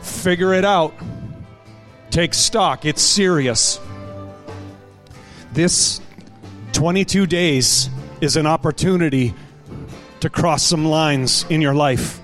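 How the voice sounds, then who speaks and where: Earnest high-voiced male preacher. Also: slow pace, long pauses, fairly bright tone, faint music behind. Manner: earnest, urgent, building in intensity. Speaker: pastor. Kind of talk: sermon and prayer.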